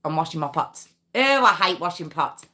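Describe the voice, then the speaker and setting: A woman's voice: low-pitched, animated, normal speed, bright, forceful tone. A woman hosting a live true crime stream, chatting casually with viewers, giggling and reading out their comments. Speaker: true crime livestream host.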